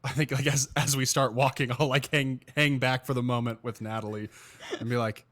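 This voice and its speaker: A man with an average pitch plays a tabletop game with dry, wry humor. He often slips into a smug, drawling tone for his character. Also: level tone, brisk, fairly bright tone. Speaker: player.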